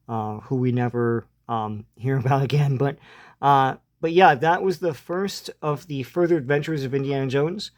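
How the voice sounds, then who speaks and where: A man's voice: medium pitch, moderate pace. A man casually retelling a comic book story, hesitant and full of ums and uhs. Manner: hesitant, lots of ums and uhs, chuckles now and then.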